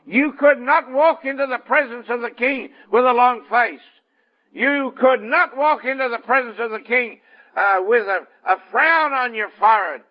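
A man preaching a sermon and telling a story, acting out the dialogue as he goes. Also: normal speed. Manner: storytelling, acts out dialogue with shifting pitch. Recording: dull lo-fi sound.

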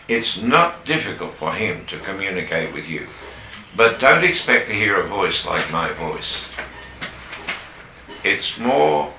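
Slow deep-voiced preacher in an echoey hall. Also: male voice, bright, forceful tone, slight background noise. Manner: slow, emphatic preaching with rises on key words. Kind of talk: sermon. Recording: echoey room with faint ambience.

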